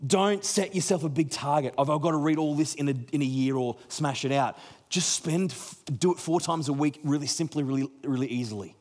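A man's voice: on the high side, fairly quick, a little mellow. A man preaching a sermon in a conversational way, acting out the people he quotes. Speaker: pastor.

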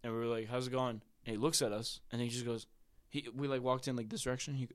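A man's voice: medium pitch, fairly even intonation, quick pace. Blunt, profane young man ranting. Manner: blunt, profane, worked-up storyteller. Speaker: guest. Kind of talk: casual chat.

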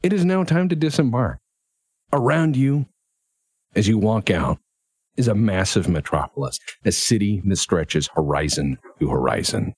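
A man's voice: fairly low pitch, sing-song, normal speed, a little mellow, husky, no echo. A man running a tabletop role-playing game as game master, narrating the scene in a descriptive, profane way. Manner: descriptive, profane, laughs easily.

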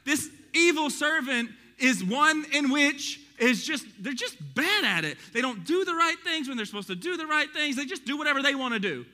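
A male pastor preaching a sermon, animated and joking with his congregation. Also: very high-pitched, normal speed, hardly any pauses. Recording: reverberant hall.

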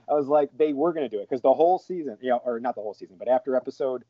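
A man in casual podcast chat, talking excitedly, often stammering and repeating his words. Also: mid-range voice, rapid-fire, hardly any pauses. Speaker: podcast co-host or guest. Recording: dull lo-fi dry recording.

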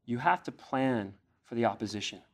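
A man's voice: medium pitch, expressive, normal speed. A young man preaching a sermon, reading scripture aloud and pressing his listeners with earnest questions, rising in emphasis on key phrases. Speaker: pastor.

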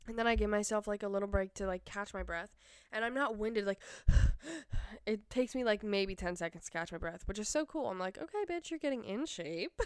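A woman's voice: medium pitch, smooth, no echo, clean studio sound. A young woman rambling casually in a vlog, chatty and full of fillers, laughing often. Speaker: vlogger.

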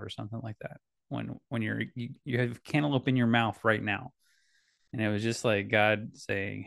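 A man's voice: on the low side, fairly even intonation, normal speed, creaky, fairly bright tone, no room sound, studio quality. A father in casual talk, telling a family story in a rambling way, correcting himself often and laughing now and then. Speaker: podcast host and dad.

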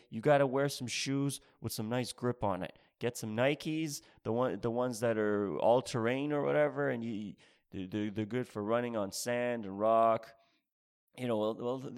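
A man doing a rambling, sarcastic stand-up routine, spelling out mock instructions and repeating his phrases. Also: medium pitch. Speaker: stand-up comedian.

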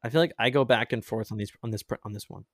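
A man's voice: lowish voice, very fast, no echo, clean studio sound. A man hosting a podcast in casual chat, rambling and chatty, often laughing. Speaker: podcast host.

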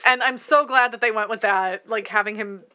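A woman's voice: on the high side, fairly even intonation, moderate pace, bright, forceful tone, clean tone, no room sound. A woman co-hosting a podcast, chatting casually and eagerly sharing movie trivia with frequent laughs. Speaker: podcast co-host. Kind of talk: casual chat.

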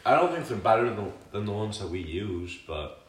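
A young man with a lowish voice that still swings widely in pitch, asking fast, teasing questions. His voice carries an echo from the room, with a faint hiss behind it. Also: big pitch swings. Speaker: college athlete podcast co-host. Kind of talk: casual chat. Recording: echoey room with slight noise.

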